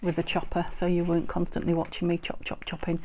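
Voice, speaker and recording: A woman's voice: lowish voice, monotone, fast talker, background noise. A woman from the UK hosting a casual crafting video at her table, chatting and often dropping to a whisper, on a clip-on mic. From United Kingdom. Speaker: crafting channel host. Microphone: clip-on mic with wire.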